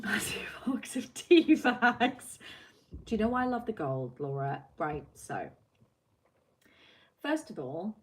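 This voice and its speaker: A woman with a Yorkshire accent chatting casually on a livestream from home, self-mocking and swearing freely. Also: medium pitch. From England. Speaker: livestream host. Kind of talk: casual chat with live chat. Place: home room. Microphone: computer mic.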